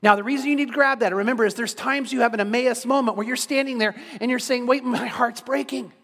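Middle-aged male pastor, high voice, earnest preaching with restarts, long hall echo. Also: steady tone, fast talker, fairly bright tone. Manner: earnest, repeats words, stumbles and restarts. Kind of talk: sermon.

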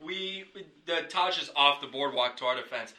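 Guy hosting a podcast, super bright tone, rambles thru a story and curses a bit. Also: a little high, moderate pace, rough recording. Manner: rambling, self-correcting, swears casually. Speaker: podcast host. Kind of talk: casual storytelling chat.

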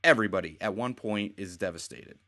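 Man, lowish voice, casual rambling recap, acts out character lines. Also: a little fast, sharp tone. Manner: retells scenes with quoted voices, rambling. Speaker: podcast co-host.

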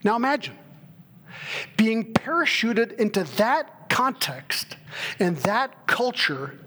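A middle-aged man, a pastor, preaching a sermon and telling a story with animated, acted-out dialogue. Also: very high-pitched, takes it slowly.

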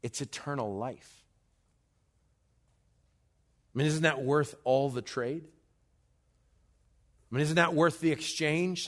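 A man preaching a sermon as pastor, slow and deliberate, building to loud urgency in a church. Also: fairly high pitch.

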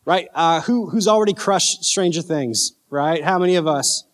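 A man's voice: on the high side, moderate pace. A man preaching a casual youth sermon, joking and asking his listeners questions. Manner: casual, conversational preaching with jokes and questions to the audience. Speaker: youth pastor.

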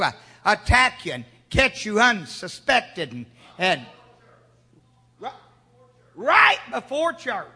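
High-voiced preacher shouting in a reverberant church. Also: male voice, huge pitch swings, takes it slowly, long pauses, breathy edge. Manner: call-and-response preaching, rising to shouts. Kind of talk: sermon. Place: church sanctuary.

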